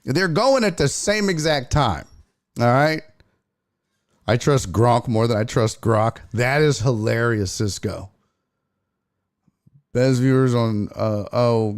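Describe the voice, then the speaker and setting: A man's voice: medium pitch, slow pace, long pauses. A man hosting a casual sports talk stream, swearing freely and reading viewer chat aloud. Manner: profane, animated, reads chat aloud. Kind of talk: casual livestream commentary.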